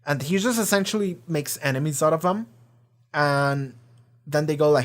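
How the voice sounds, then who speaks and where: A man's voice: on the high side, normal speed. Casual, swearing man recapping a show. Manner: rambling, profane, enthusiastic retelling with many fillers. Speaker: reaction channel host. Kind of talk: casual episode recap and discussion.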